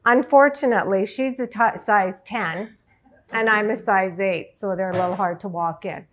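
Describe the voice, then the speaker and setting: A middle-aged woman, a life coach, telling a personal story to an audience in an emotional, halting way. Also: medium pitch, background noise. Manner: emotional, halting, tearful at times.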